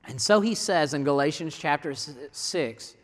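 A man's voice: on the high side, expressive, normal speed, big-room sound. A man preaching a sermon, mixing rhetorical questions with scripture reading in a folksy way. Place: church sanctuary.

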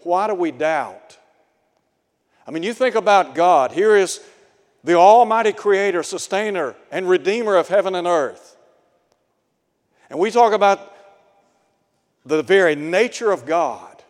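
A man's voice: sits high, expressive, measured pace, long pauses. A man preaching a sermon in an earnest way, asking his listeners rhetorical questions. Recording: long hall reverb.

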